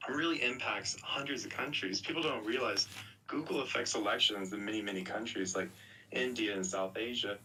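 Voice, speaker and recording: Male caller, polite and eager, bright tense voice, heard from a distance. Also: on the low side, slight background noise. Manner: polite, eager, quick questions. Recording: distant call with faint ambience.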